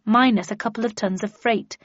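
A woman's voice: mid-range voice, steady tone, fairly quick, no echo. A woman reading a first-person novel aloud in a dry, wry storytelling manner. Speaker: audiobook narrator. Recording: dull lo-fi dry recording.

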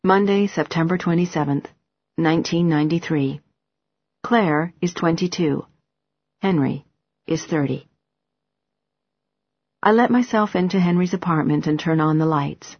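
Woman audiobook narrator, low steady voice, dry close sound, first-person novel. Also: slightly rough, no room sound, highs cut off. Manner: steady, measured storytelling.

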